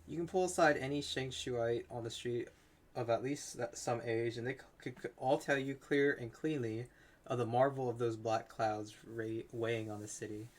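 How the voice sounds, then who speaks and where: A man's voice: mid-range voice, steady tone, moderate pace, close to an everyday voice. A man reading a wistful storytelling boatman.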